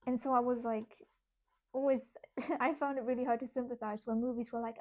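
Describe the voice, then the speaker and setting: A woman's voice: fairly high pitch, fairly even intonation, fairly quick, warm tone. A young woman chatting casually on a craft livestream while answering chat, rambling and self-amused. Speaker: artist streamer.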